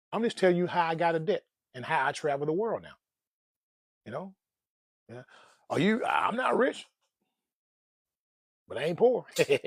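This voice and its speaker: A playful man talks about money and life in a high, lively voice, laughing often and dropping folksy slang. The sound is close and dry. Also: dry recording. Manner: folksy slang, calls listeners "man" and "dog". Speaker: personal finance vlogger. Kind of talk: casual motivational talk.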